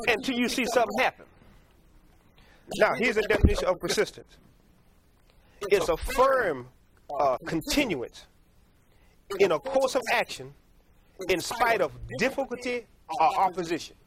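A male preacher gives a folksy, repetitive sermon, often stopping to correct himself and laughing at his own stories. He speaks in a high, sing-song voice at a moderate pace with long pauses, as crowd noise from the congregation is heard behind him.

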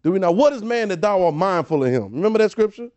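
Guy preaching a sermon, kinda high voice, keeps repeating words and firing off questions. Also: animated, fast, a little mellow, muffled recording. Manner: emphatic, repetitive preaching with rhetorical questions; frequent word repetitions and restarts.

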